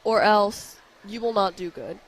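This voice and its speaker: Animated young West Virginia woman. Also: a little slow, a little hiss or hum, low-quality recording. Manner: animated storyteller, acts out quotes with raised pitch. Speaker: youth fair princess guest. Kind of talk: interview guest telling stories.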